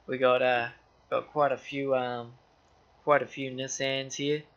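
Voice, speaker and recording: A man's voice: medium pitch, flat delivery, measured pace, a bit bright, muffled recording. A man hosting a casual game walkthrough, rambling loosely in car-enthusiast slang. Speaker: gaming channel host.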